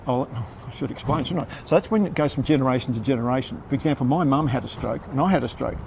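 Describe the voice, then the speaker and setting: Quick-talking Australian storyteller, older man. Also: medium pitch, creaky, darkish tone, a little hiss or hum. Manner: wry, self-deprecating humour. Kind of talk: live storytelling on stage. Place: theatre stage before an audience.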